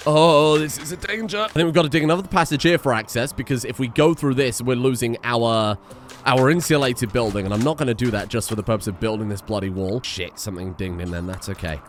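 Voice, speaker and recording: A man's voice: mid-range voice, fast, slight background noise. A man giving exasperated, swearing let's-play commentary on a survival game and talking to the characters on screen. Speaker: gaming video creator.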